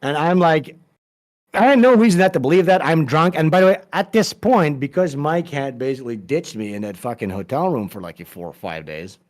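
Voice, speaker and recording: A man guest on a podcast, telling a long story in casual, profane, rambling talk with many restarts. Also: on the high side.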